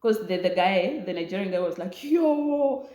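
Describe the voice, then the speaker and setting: A woman's voice: on the low side, brisk. A young woman, telling a story in a casual vlog and animatedly acting out what people said. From Namibia. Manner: animated, acts out quoted voices. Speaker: vlogger. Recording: roomy echo.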